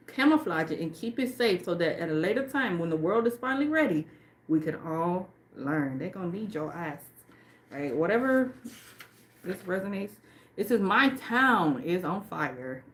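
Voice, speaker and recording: A woman doing a livestream card reading off camera, speaking emphatically and with a lot of swearing, and reading the card text aloud slowly. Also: lowish voice. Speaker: tarot and oracle card reader. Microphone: off camera, face not shown.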